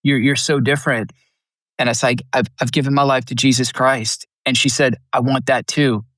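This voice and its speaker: With a level tone, a medium pitch and a fairly bright quality, a middle-aged man talks at a moderate pace; the studio-quality audio has no room sound. As a podcast guest he earnestly recounts a personal testimony, acting out quoted lines, emotional and occasionally on the verge of tears.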